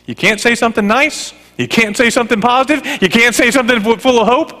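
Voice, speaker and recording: A pastor preaching a sermon in a conversational, animated way with jokes. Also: male voice, high-pitched, fast, few pauses, long reverb tail.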